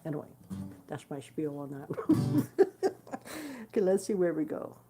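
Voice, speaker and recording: A woman's voice: low-pitched, a little fast. A woman musician talking casually to her followers, blunt and swearing freely, with many fillers and restarts. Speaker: guitarist hosting her own stream. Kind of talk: casual direct-to-camera chat.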